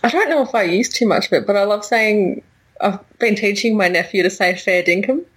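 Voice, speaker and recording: A woman's voice: mid-range voice, fairly quick, husky, poor audio. An Australian woman co-hosting a podcast, talking in an easygoing, casual way. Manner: easygoing, laughs often. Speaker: podcast co-host. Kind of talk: casual chat.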